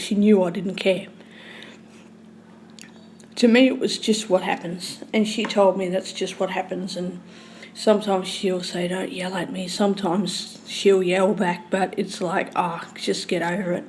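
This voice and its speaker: A woman telling a long, rambling story in casual speech, swearing freely and swinging between loud and hushed. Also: on the low side, steady tone, measured pace, slight background noise.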